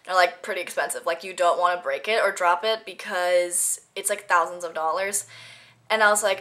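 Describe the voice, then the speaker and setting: A woman's voice: fairly low pitch, moderate pace, a bit bright. A teenage girl talking casually to her camera in an unscripted vlog, rambling through funny stories and giggling now and then. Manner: chatty, giggly, rambling storytelling. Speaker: vlogger.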